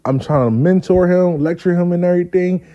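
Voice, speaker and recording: A man hosting his own show, telling a story in a casual, profane, animated way and acting out the people he quotes. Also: sits high, fairly quick, muffled recording. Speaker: host.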